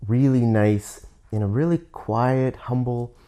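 A man's voice: medium pitch, slow, dark tone. A man with a Canadian accent talking candidly in a casual monologue, often restarting and stopping to explain words for learners.

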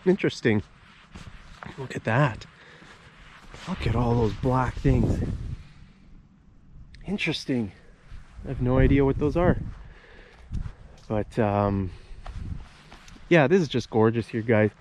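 A man's voice: medium pitch, expressive, takes it slowly, pauses often, background noise. A man hosting a casual English-teaching vlog outdoors in a park, talking while he walks and explaining words as he goes. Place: outdoors in a park with bushes and a bridge.

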